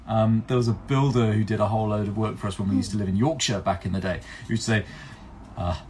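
Speaking fast with a fairly low, darkish voice and fairly even intonation, a male plastic surgeon fields viewer questions on a chatty live stream. There's a little hiss or hum as he walks through answers step by step, restarting his thoughts and teasing himself.

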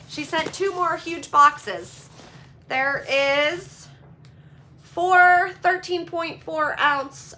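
Woman, high voice, unhurried, gushing and excitable, noisy home recording with crinkling packaging. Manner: gushing and excitable, repeats "oh my gosh" and "holy cow". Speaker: vlogger opening donation boxes. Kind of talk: casual chat to viewers.

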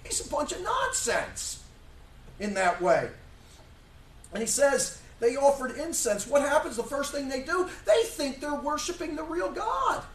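A man's voice: extremely high pitch, very animated, unhurried. Emphatic male preacher in an echoey church. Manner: rhetorical questions, emphatic, sometimes shouting. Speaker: pastor. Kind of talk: sermon. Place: church sanctuary. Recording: echoey church room from far off.

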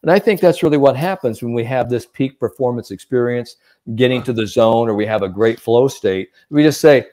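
A man's voice: medium pitch, normal speed. A man who is a sports psychologist, giving mental coaching advice in a podcast chat and acting out the people he quotes. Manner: animated storyteller, acts out quotes.

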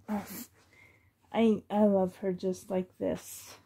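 A woman's voice: mid-range voice, flat delivery, slow, vocal fry, mellow. A woman vlogging as she unboxes a reborn doll, gushing fondly and often dropping to half-whispered asides. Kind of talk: unboxing vlog chat.

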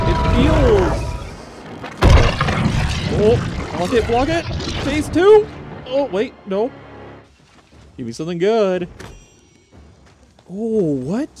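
Male streamer, excitable play-by-play, lively pitch, slow delivery. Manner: loud excitable reactions, frequent exclamations and laughter. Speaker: gaming streamer. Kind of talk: excited gameplay commentary. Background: game music.

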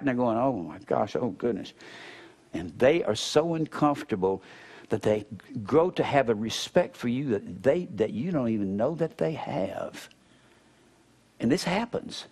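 In church, a middle-aged man serving as pastor delivers a sermon in a medium-pitched voice. He tells it like folksy stories, voicing other people's words and shifting from loud to soft and back.

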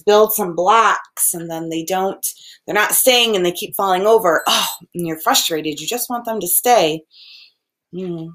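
A woman preschool teacher giving a gentle, expressive lesson to young children, acting out each feeling as she names it. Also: fairly low pitch. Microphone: video recording.

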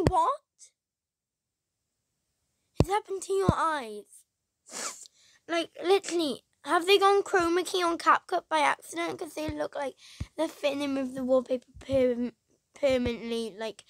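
A woman's voice: high-pitched, measured pace, long pauses, dry recording. A woman hosting a reaction video, talking in a dramatic, exclaiming and outraged way. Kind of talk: reaction commentary. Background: music playing.

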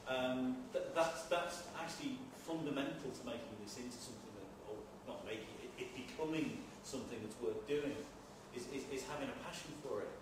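A man from the audience makes a blunt comment and stumbles over repeated words. He sounds far from the mic, the room is strongly reverberant, and audience noise is clearly audible behind him. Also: medium pitch, fairly quick. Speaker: audience member. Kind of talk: audience comment at a live event. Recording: distant echoey audience pickup with room noise.

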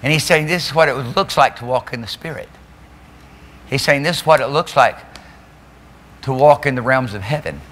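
Animated preacher in a reverberant hall. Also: male voice, medium pitch, moderate pace, pauses often, a little hiss or hum. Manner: animated preaching, laughing, mimicking voices. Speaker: pastor. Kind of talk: sermon. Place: church sanctuary.

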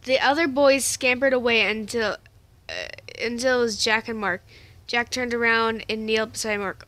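A woman's voice: a little high, steady tone, moderate pace, fairly bright tone, no echo. A woman reading a story aloud in a casual, stumbling way, correcting herself as she goes. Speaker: story reader.

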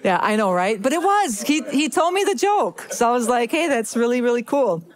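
Woman pastor, middle-aged, chatty storytelling sermon, animated, keeps checking in with the congregation. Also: on the high side, moderate pace.

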